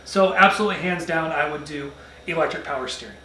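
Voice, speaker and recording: A man with a fairly high voice gives a casual car review, his talk rambling and full of self-corrections. He sits back from the microphone, and the room echoes around him. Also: quick pace, pushed and bright, recorded from a distance, slight background noise. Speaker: car channel host.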